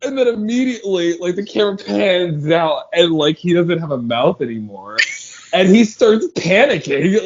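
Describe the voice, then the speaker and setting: A high-pitched man co-hosts a podcast at normal speed, chatting animatedly, swearing often, and acting out movie scenes amid laughter. The audio is slightly dull with faint noise.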